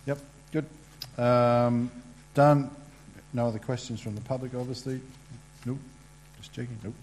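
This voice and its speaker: A man chairing a council meeting, reading procedural items in a halting way with many fillers. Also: medium pitch, fairly even intonation, a little mellow.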